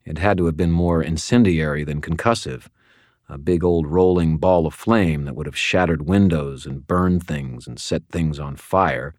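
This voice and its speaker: A man reading a first-person audiobook in a steady, measured, wry way. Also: very deep voice, dry recording, clean studio sound. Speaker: audiobook narrator.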